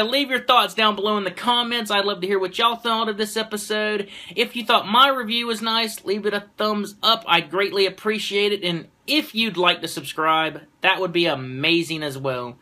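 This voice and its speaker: A man giving a casual anime episode review, excitable and swearing freely as he retells a fight. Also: high voice.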